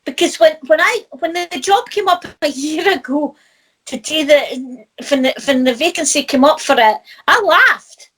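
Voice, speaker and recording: A woman's voice: high voice, normal speed. A middle-aged woman with a Scottish accent, a spiritual teacher chatting casually and laughing often as she tells stories. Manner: lively storyteller who laughs often. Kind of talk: casual chat.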